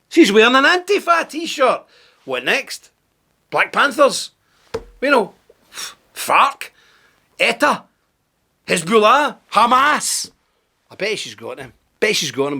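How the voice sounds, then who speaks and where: Indignant, animated ranting man. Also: high-pitched. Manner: indignant, sarcastic, emphatic. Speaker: commentator. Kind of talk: ranting video commentary.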